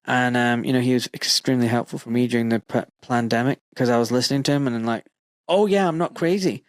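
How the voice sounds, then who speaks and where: A man's voice: mid-range voice, fast, clean tone, dry recording. A man hosting a podcast, chatting casually and telling stories with lots of fillers. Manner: chatty, animated storytelling with frequent fillers. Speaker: podcast host and doctor.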